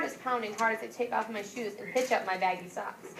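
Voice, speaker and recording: A woman's voice: mid-range voice, a little fast, vocal fry, slight background noise. A woman teaching a class, explaining questions and reading a storybook aloud, acting out the lines. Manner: animated storybook reading with voiced characters. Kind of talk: classroom lesson with read-aloud. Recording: echoey classroom from far off.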